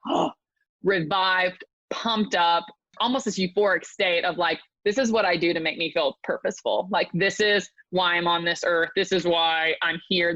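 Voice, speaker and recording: Young adult woman, podcast guest; animated, effusive, lowish voice; dry, muffled recording. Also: no echo. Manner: animated, gushing, heavy use of "like". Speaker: mental skills coach, podcast guest. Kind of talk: casual interview chat.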